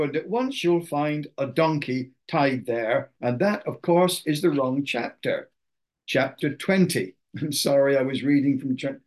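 A man preaching a sermon, reading scripture aloud and explaining it with slow, deliberate emphasis. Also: fairly high pitch, a little mellow.

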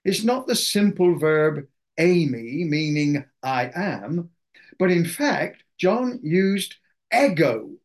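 A male preacher delivers a sermon at an unhurried pace. He reads passages aloud and then drives each point home with firm emphasis. His voice sits a little higher than most men's. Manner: slow, emphatic Bible exposition with scripture readings.

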